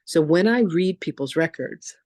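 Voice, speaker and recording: A woman spiritual teacher leading a masterclass, telling stories in a chatty, animated way with lots of casual fillers. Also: lowish voice, moderate pace, no echo, studio quality. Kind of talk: casual storytelling lecture.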